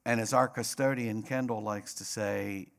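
A man's voice: lowish voice, steady tone, moderate pace, vocal fry. A man preaching a sermon as pastor, emphatic and repetitive, rising to passionate peaks.

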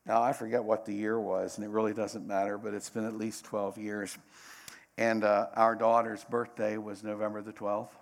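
A middle-aged man preaching a sermon, dramatic, swinging between loud bursts and hushed asides. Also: lowish voice, little pitch movement, moderate pace, vocal fry.

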